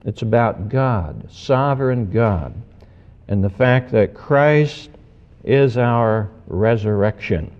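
A man, a pastor, giving an earnest sermon, slowing down to stress key words. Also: fairly low pitch, animated, darkish tone. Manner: measured, earnest preaching with slowed emphasis. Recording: dull recording with long hall reverb.

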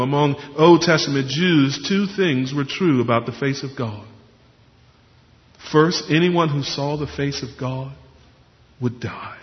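A pastor preaching a sermon, explaining scripture earnestly and posing questions to the congregation. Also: male voice, medium pitch. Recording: muffled sound with long hall reverb.

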